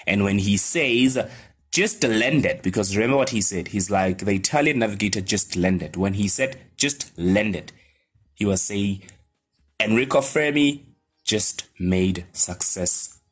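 Husky-voiced South African man lecturing. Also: fairly low pitch. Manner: rambling, talks to listeners with many fillers and "right?". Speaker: teacher. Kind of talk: informal lecture.

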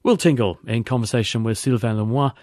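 Brief: male host, mid pitch, dry studio, scripted links. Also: brisk, a little mellow, no room sound. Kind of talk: scripted presenting.

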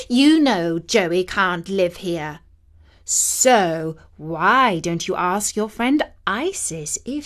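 A woman voicing a sly, superior male magical cat who drawls haughtily. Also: lowish voice.

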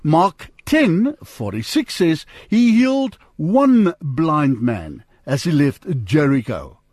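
Male host, fairly high voice, animated delivery, conversational, dry studio sound. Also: takes it slowly, no echo. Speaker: radio host reading a listener's question. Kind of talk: talk show question-and-answer.

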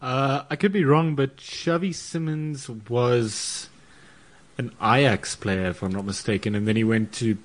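A man's voice: medium pitch, unhurried. A man co-hosting a casual football podcast, a bit hesitant and self-deprecating. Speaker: podcast co-host.

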